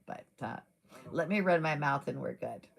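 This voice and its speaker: A woman with a low-pitched voice and vocal fry chats casually at normal speed on a live stream from a table at home. Her throat is a bit scratchy, and she rambles with lots of fillers, recorded on a device mic without a boom arm.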